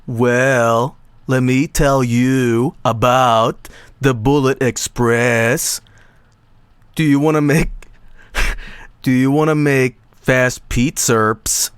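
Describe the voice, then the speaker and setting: A man putting on the voice of a slow, oily male infomercial pitchman, drawing out every word in a lowered, mock-smooth tone. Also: no echo, close to an everyday voice.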